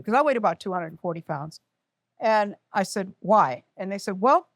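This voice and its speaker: A woman's voice: mid-range voice, lively intonation, moderate pace, a bit bright, no echo, clean studio sound. An older woman telling an emotional personal story on stage, candid and self-mocking. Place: community center event.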